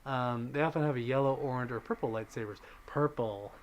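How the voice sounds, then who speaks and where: A man's voice: mid-range voice, fairly quick, a little hiss or hum. A man hosting a livestream, chatting casually with viewers, reading their messages and thanking donors, with plenty of fillers. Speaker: livestream host.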